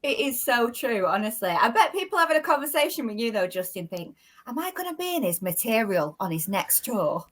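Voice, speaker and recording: Bubbly bright-voiced woman host. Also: a little high, sing-song. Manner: bubbly, enthusiastic, quick to laugh. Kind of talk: casual interview.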